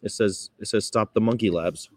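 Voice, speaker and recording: A man's voice: fairly even intonation, normal speed, a little mellow, dry recording, studio quality. A man casually chatting on a livestream, rambling, laughing often and reading things aloud. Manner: mock-sweet high voice for quoted politeness. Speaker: vegan activist livestreamer. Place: Chicago.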